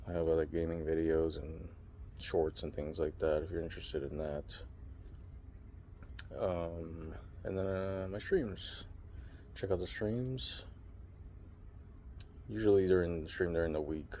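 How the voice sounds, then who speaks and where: In a casual late-night vlog, a young male vlogger and streamer with a low-sitting voice tells rambling stories loaded with fillers. Slight background noise can be heard.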